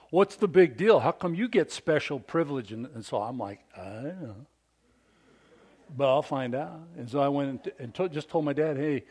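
A middle-aged man preaching a sermon in a conversational storytelling style, moving from loud emphatic bursts to hushed, almost whispered lines. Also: medium pitch. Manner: conversational, with restarts and storytelling asides. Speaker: pastor.

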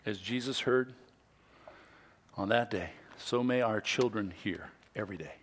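A middle-aged man preaching a Father's Day sermon in a conversational way, with homey asides and hushed, tender moments. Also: fairly low pitch, measured pace, pauses often. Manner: conversational preaching with quoted asides, dropping to soft whispers. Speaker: pastor.

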